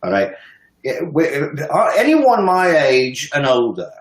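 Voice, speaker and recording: A man's voice: fairly high pitch, wildly swooping pitch, slow pace, reverberant, poor audio. A man in his fifties giving heated, emphatic political commentary, sometimes swearing and laughing scornfully. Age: 50s. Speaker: guest commentator.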